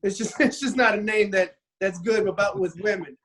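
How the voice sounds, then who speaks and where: A man's high, fairly bright voice stays fairly even in intonation at normal speed as he retells a Bible story in an informal podcast chat. He rambles, fumbles words, and restarts, performing the characters' lines in small quoted voices.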